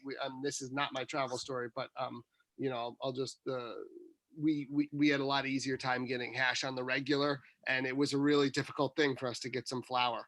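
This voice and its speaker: A man's voice: medium pitch, little pitch movement, fairly quick, a bit bright, no echo. A man co-hosting a podcast, chatting in a laid-back, casual way. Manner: laid-back, with many fillers. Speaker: podcast co-host. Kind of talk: casual chat.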